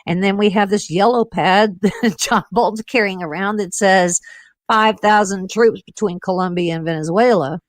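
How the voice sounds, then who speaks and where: A woman hosting a talk radio show, speaking in animated, quick bursts with many fillers. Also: medium pitch, no echo, studio quality. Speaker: radio host and intelligence analyst.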